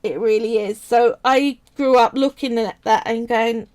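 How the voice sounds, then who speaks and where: This polymer clay artist from England streams live, sculpting and chatting casually, often wandering into tangents as she responds to viewers. She has a Cockney accent from East London, and her fairly high voice is steady, measured in pace, and somewhat dark.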